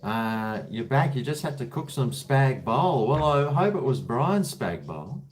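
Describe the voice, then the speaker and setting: A man's voice: medium pitch, big pitch swings, measured pace. A man, chatting casually on his live stream, jokey and calling everyone mate.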